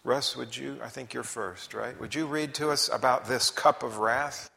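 A man delivers a sermon with a gravelly, fry-edged voice, swinging between hushed whispers and forceful emphasis. The sound carries the long reverb of a large church hall. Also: mid-range voice, moderate pace. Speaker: preacher. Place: church sanctuary.

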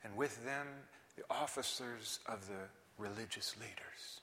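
Man, preacher, sermon, dramatic shouts and whispers, bright forceful voice, echoing hall. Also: fairly low pitch, unhurried, hardly any pauses. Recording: reverberant hall.

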